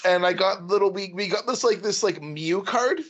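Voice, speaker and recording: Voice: medium pitch, moderate pace, highs cut off. A podcast co-host chatting casually, laid-back and rambling, laughing often. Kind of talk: casual chat.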